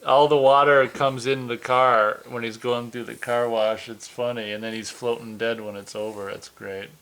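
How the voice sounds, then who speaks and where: A man's voice: mid-range voice, flat delivery, moderate pace, fairly bright tone, clean tone. A man co-hosting a casual episode review, rambling, often restarting sentences and laughing easily. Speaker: podcast co-host. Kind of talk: casual movie review chat.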